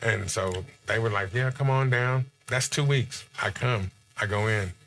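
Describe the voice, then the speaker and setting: A man from Texas, chatting casually on a podcast and telling animated stories with acted-out quotes. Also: lowish voice, unhurried.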